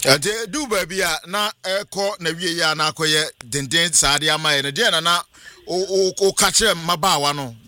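A man's voice: a little high, normal speed, bright, forceful tone. A man with a Ghanaian accent, a sports radio interviewer asking long probing questions, mixing Twi and English.

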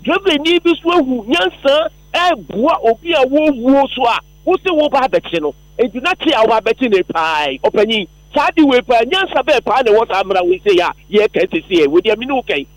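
A man's voice: very high voice, expressive, a little fast, hardly any pauses, no room sound, low-quality recording. A man from Ghana, a taxi driver calling a radio phone-in, arguing his point emphatically.

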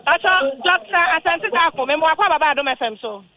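A Ghanaian woman reporter with a bright, high voice gives a brisk live report from a festival outdoors. A thick crowd roars close around her mic. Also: poor audio. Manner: brisk, mixing in English. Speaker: field reporter. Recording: loud crowd behind.

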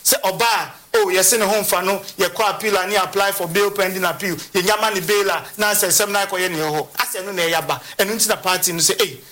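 A lawyer explaining legal process on a talk show, halting and repeating words as they go. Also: mid-range voice, steady tone, sharp tone. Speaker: lawyer guest.

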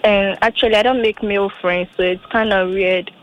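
A woman's voice: medium pitch, normal speed, background noise. A young woman, chatting casually and laughing often in pidgin and English. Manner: giggly, relaxed, laughs often.

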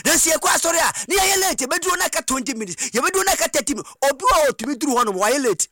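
A man preaching a sermon, passionate, rising from plain speech into shouted and sing-song phrases. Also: very high voice, lively intonation, racing, no room sound. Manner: impassioned, switching between shouting and sing-song cadence.

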